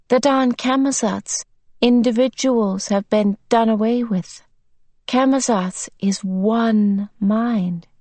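A woman voicing a cold, sinister little boy under a possessing mind, speaking in a flat, monotonous way. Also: a little high, no echo, voice pushed up.

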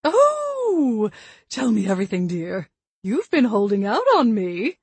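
A woman's voice: fairly high pitch, huge pitch swings, takes it slowly, slightly rough, no echo, full character voice. A woman voicing an old grandmother spirit trapped in a locket, fussy and chatty. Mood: delighted. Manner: chiding, chatty and scatterbrained.

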